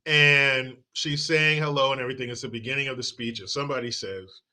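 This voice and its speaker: A man hosting a comedic commentary video, animated and mocking, often laughing. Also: mid-range voice, quick pace. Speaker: commentary host.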